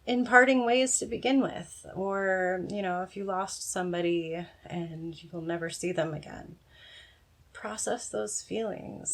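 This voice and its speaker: This is a woman giving a casual, frank pick-a-card tarot reading. Her lowish, slightly rough voice stays encouraging, and she swears every so often.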